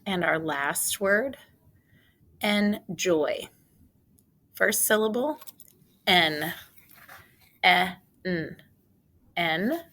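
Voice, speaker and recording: Slow, deliberate woman teaching phonics. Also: lowish voice, a bit bright. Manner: slow, deliberate, sounding out words. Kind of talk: phonics lesson for young children. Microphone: recorded for a video lesson.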